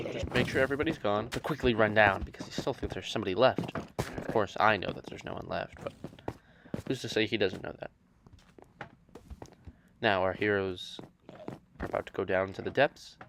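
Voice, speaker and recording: Guy narrating his gameplay in a put-on monotone, kinda low voice, hissy recording.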